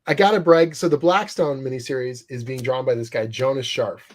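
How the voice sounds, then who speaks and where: Male guest in casual interview, animated storyteller, swears freely. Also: mid-range voice, brisk. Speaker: guest comics writer.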